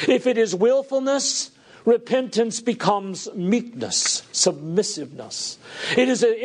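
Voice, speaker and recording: Slow, high-voiced preaching man. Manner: earnest preaching, rising emphasis on key words. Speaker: pastor. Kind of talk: sermon. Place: church sanctuary with congregation.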